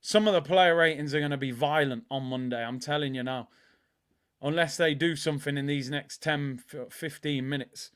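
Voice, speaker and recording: A man's voice: fairly high pitch, moderate pace, smooth. A man hosting a live football watch-along, ranting in exasperation as he talks over the match. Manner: exasperated, ranting, swings between mutters and shouts.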